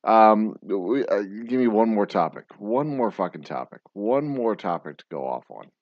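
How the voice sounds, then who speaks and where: A man's voice: fairly low pitch, expressive, moderate pace, no echo. Crude, rambling man on a lo-fi livestream. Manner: loud, crude, laughing, tipsy rants. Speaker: host of a drinking livestream show. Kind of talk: rambling profane livestream chat. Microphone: webcam livestream setup.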